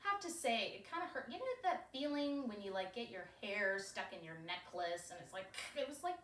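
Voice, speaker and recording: A woman's voice: medium pitch, very animated, fairly quick, a bit bright, slight background noise. A woman playing a cheeky, carefree winged mermaid goddess, telling her story in first person with a breezy, giggly manner and frequent laughs. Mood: playful. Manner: giggly, breezy, laughs often between phrases. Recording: roomy echo.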